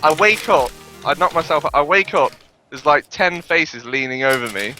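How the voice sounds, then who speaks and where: Young man, bright voice, rambling sweary stories, casual podcast chat, faint music behind. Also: fairly high pitch, normal speed. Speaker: podcast co-host.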